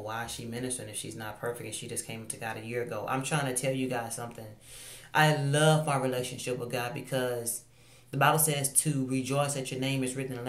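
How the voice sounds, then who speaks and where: A woman's voice: very deep voice, roomy sound. A woman ministering online, telling a personal faith testimony in an earnest, confessional way, often repeating phrases.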